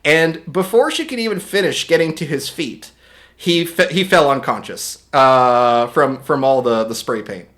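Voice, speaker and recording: A man hosting a livestream, talking casually and rambling with many restarts, his voice a little hoarse today. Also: a little high, a little slow, fairly bright tone. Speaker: livestream host. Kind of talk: casual stream chat.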